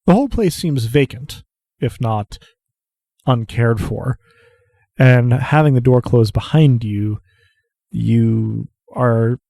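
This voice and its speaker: A man narrating a tabletop game as game master, in a measured, descriptive way. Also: medium pitch, creaky, warm tone, no room sound.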